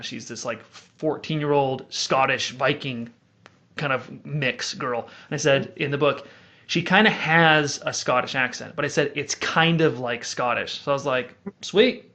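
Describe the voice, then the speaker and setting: A man's voice: mid-range voice, creaky. A man hosting a casual podcast chat, telling stories animatedly and breaking into character voices. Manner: animated storytelling, demonstrating voices. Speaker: podcast host and audiobook author.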